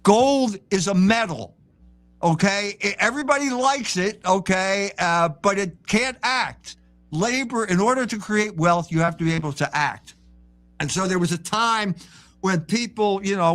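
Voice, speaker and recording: An older man speaks as a guest author on a live interview stream. His voice sits high, and he lectures in an opinionated, emphatic way. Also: unhurried, fairly bright tone, faint music behind.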